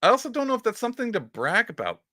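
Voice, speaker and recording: A man talks through a casual reaction commentary with a bright, forceful edge to his voice. His pitch swings up and down freely as he mocks what he is watching. The sound is close and dry, with no room around it. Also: wildly swooping pitch, very fast, no room sound. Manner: sarcastic, mocking, rambling. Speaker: political commentary host.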